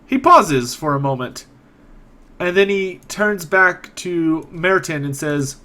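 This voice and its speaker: A man narrating a tabletop game as game master, relaxed, with fillers. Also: fairly high pitch, slow.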